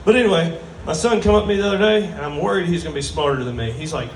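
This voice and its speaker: A man's voice: on the high side, racing, a little hiss or hum. A man with a drawl doing a crude, self-mocking stand-up set on a bar stage before a live crowd. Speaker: stand-up comedian. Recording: roomy bar sound from a distant mic.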